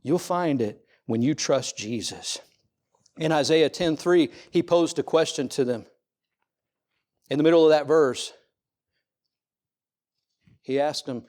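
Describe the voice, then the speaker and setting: A middle-aged male pastor preaching a sermon at a church service. He uses repeated rhetorical questions and swings between loud, ringing lines and hushed ones. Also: fairly high pitch, unhurried, long pauses.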